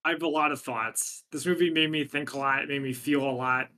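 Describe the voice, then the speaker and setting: A man's voice: mid-range voice, fairly even intonation, a little fast, pushed and bright. A man co-hosting a podcast, chatting casually about a film and reading facts and quotes aloud. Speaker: podcast co-host. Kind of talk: casual chat.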